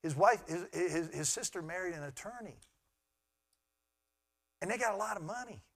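Man, middle-aged pastor, sermon, earnest, slightly high voice, loud-to-hushed swings. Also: animated, moderate pace.

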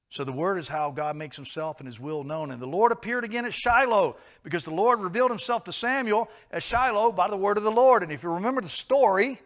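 Male preacher, slightly high-pitched, dynamic sermon delivery, hushed to loud, repetitive emphasis. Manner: swings between hushed and loud, repeats phrases for emphasis.

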